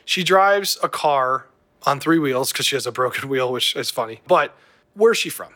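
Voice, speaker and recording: A man hosting a casual chat, animated and opinionated, laughing easily. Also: mid-range voice, moderate pace. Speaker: podcast host. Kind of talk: casual chat about film and wine.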